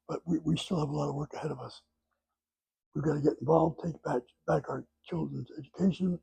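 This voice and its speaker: Gravelly older guy teaching a class, dark voice, dry sound. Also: fairly high pitch, no echo, poor audio. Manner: plain-spoken, talks in short phrases with restarts. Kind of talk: classroom lecture.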